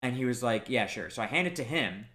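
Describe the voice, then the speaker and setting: Young guy podcast cohost, bright tone, acts out all the people in his story. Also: mid-range voice, fast. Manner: animated anecdote-telling, quoting people in dialogue. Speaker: podcast co-host. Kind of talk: casual storytelling chat.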